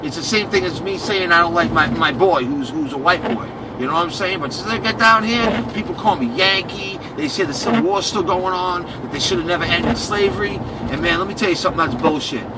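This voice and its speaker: A man's voice: sits high, a little fast, few pauses. A man from Boston riding as a taxi passenger, ranting with emphatic, profane talk and repeating himself. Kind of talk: heated personal rant. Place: inside a taxi cab. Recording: distant voice under loud road noise. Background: road and engine noise.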